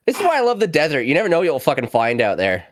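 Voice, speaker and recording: A man chatting casually on a stream, animated, swearing freely and laughing often. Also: a little high, dry recording, studio quality. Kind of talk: casual chat.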